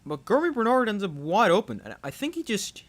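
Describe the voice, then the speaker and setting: Young guy doing live football play by play, high pitched, voice swings all over, gets hyped on big plays. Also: fairly quick. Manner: excitable, rising sharply on big plays. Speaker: play-by-play streamer.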